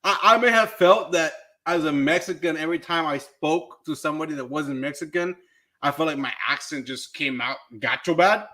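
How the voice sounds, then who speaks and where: A man's voice: a little high, moderate pace, bright, forceful tone. A man who is a teacher, talking as a podcast guest in earnest, casual chat, repeating words and saying "dude".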